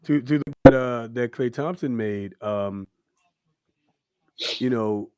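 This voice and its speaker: A young man hosts a casual podcast, loose and animated, often breaking into playful mock-scolding. His voice sits at an ordinary middle pitch. The sound is dry and close, with no room around it. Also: takes it slowly, clean tone, no room sound. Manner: animated, loose and joking, mock-scolding asides to sports fans. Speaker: podcast host. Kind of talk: casual chat.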